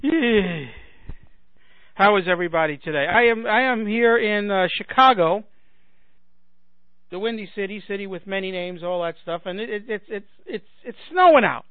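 Higher-voiced man, chatty fill-in radio host, rambly, tinny phone-line sound. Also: expressive, normal speed, no echo. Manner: rambling, self-deprecating, many restarts. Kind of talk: casual radio chat. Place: home in Chicago.

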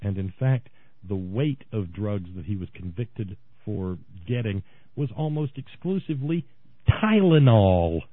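On a talk radio show, a man launches into an impassioned political monologue, ranting sarcastically and swinging from low, biting asides to shouted bursts. His intonation is lively and his pace measured. The sound is tinny and phone-like, completely dry with no echo or room around it.

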